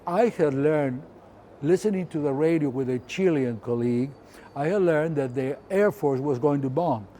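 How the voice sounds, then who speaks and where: A man in his seventies with an Argentine Spanish accent tells a story from his own life. His voice sits a little high but sounds mellow and dark, and he acts out the scenes with sound effects and quoted voices. A faint hiss of noise runs behind him. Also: normal speed. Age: 70s. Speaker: photographer telling his story. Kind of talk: personal storytelling.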